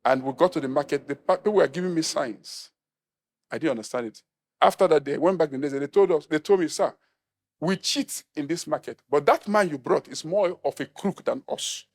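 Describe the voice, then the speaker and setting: A middle-aged man from Nigeria, a pastor preaching a humorous, animated sermon and acting out quoted voices. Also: on the high side, fairly quick.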